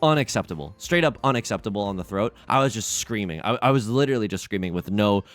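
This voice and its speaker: A man with a sore throat, giving excitable, jokey, self-mocking commentary while playing a game for his channel. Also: on the low side, fast, soft background music. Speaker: let's play host. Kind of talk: casual gameplay commentary.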